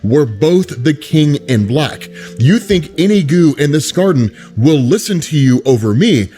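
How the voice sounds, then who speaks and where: A menacing male symbiote god speaks slowly and deliberately, as a man reads his lines. His voice sits a bit high for a man. Faint music plays underneath. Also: animated, warm tone. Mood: menacing, gloating.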